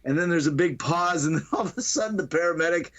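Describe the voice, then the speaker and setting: Talking fast in a higher, somewhat bright voice, this man co-hosts a podcast and relays a funny movie scene in a casual way. He keeps laughing and does the characters' lines himself.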